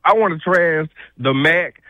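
A man's voice: fairly high pitch, unhurried, pushed and bright, dry recording, muffled recording. A male caller, out of breath, ranting heatedly and emphatically on a call-in show. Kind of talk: call-in rant.

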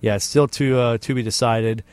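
A man's voice: mid-range voice, steady tone, moderate pace, darkish tone, clean tone, dry recording. A man on sports radio giving hedged game predictions in casual chat.

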